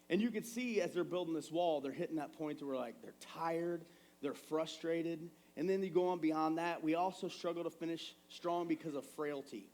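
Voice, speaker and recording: A man in his thirties preaching a sermon in a church, telling family stories in a conversational, animated way. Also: a little high, moderate pace. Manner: conversational, animated storytelling with acted quotes. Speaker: pastor. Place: church sanctuary.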